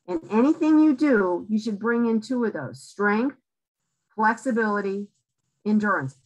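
A woman's voice: medium pitch, expressive, measured pace, highs cut off. A woman giving a public library talk, coaching listeners directly in short emphatic phrases and often checking in with "okay?". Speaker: lecturer on aging in place.

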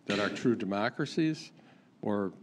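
Low-voiced man challenging a speaker. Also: expressive, a little slow, a little hiss or hum. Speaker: questioner. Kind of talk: public talk Q&A.

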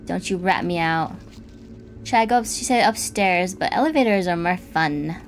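A woman's voice: on the low side, moderate pace, soft background music. A woman commenting casually while playing a game, swearing and squealing when startled. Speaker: gaming streamer. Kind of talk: casual let's-play commentary.

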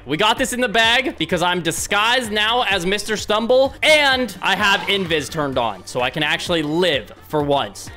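Young male gaming host, high lively voice, excitable commentary, yells at teammates. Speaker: gaming YouTuber. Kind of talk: gameplay commentary.

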